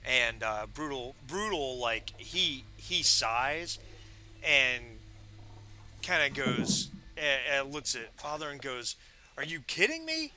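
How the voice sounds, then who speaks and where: Male game master, halting narration, bright voice. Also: medium pitch, roomy sound, slight background noise. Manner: halting narration with many fillers.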